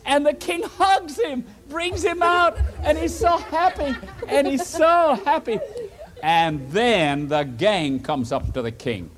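A man's voice: high voice, slow pace. A man preaching by telling a Bible story to children, directing them as they act it out. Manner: animated, theatrical, directing children acting out the story.

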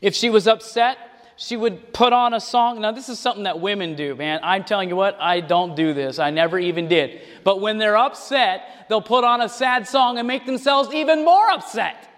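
A man's voice: high-pitched, moderate pace. A man preaching a sermon to a congregation, talking directly to them and acting out the voices of people he quotes. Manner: animated, acts out quoted voices. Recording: long hall reverb.

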